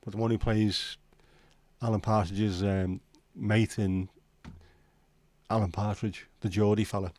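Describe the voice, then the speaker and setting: A man's voice: on the low side, level tone, measured pace, a little mellow. A man with a Liverpool accent hosting a casual livestream chat, rambling and sweary as he banters with viewers. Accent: Scouse. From Liverpool, England. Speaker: livestream host.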